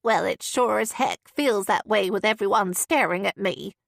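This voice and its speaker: A muddled old grandmother in an audiobook, voiced by a woman narrator, talking slowly in a wavering voice. She is cheery, but quick to feel wounded. The recording is dry and close. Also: mid-range voice, creaky, no echo.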